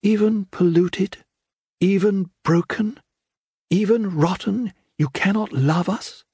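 A man voicing a desperate young daughter who pleads in a high, strained voice. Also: takes it slowly, darkish tone, husky, dry recording, clean studio sound, heavily acted. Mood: pleading.

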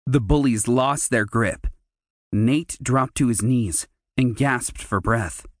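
Man, children's audiobook narrator, slow deliberate reading, middle pitch, dry close studio sound. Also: dry recording. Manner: measured, unhurried storytelling. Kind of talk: scripted narration of a children's fantasy book.

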